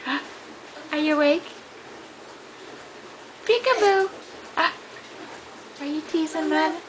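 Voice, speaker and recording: A woman's voice: high-pitched, slow pace, a little hiss or hum, low-quality recording. A woman talking to a toddler at home in sing-song, coaxing baby talk, repeating simple phrases. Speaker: parent playing with a toddler.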